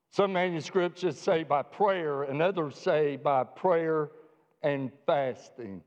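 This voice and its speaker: Guy preaching, fairly high voice, slow punchy emphasis, big echoey hall, kinda muffled sound. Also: darkish tone. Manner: dramatic, emphatic delivery with slow stressed phrases. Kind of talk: sermon. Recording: dull audio with long hall reverb.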